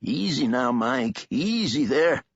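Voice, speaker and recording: A man's voice: mid-range voice, animated, takes it slowly, husky, dry recording, voice pushed up, heavily acted. A man putting on a chatty folksy old man. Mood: reassuring. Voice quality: folksy, drawling and sing-song. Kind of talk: audiobook character voice. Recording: dull lo-fi dry recording.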